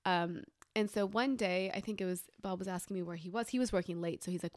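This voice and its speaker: A woman's voice: lowish voice, fast talker, hardly any pauses, no echo, studio quality. A woman in casual chat, chatty and asking follow-up questions, then telling her own story. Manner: chatty, laughs along, asks questions.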